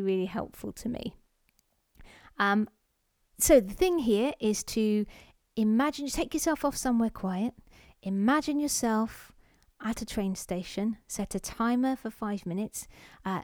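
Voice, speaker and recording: A woman's voice: mid-range voice, darkish tone, no room sound, studio quality. A woman hosting a self-help podcast, explaining exercises step by step in a friendly way with a few fillers. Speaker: podcast host.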